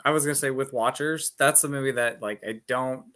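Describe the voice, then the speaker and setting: Male guest, thirties, bright voice, loose rambling chat. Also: mid-range voice, fairly even intonation, fairly quick. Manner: rambling, many "like" fillers. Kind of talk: casual chat.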